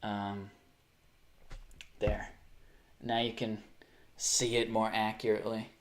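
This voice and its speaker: A man livestreaming in a casual chat, loose and excitable, swearing often and laughing as he reacts to pictures and messages. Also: lowish voice, takes it slowly.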